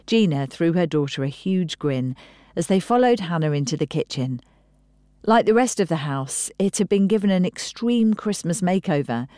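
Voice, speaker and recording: A woman narrating an audiobook in an even storytelling manner. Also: on the low side, no echo, studio quality. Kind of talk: scripted narration.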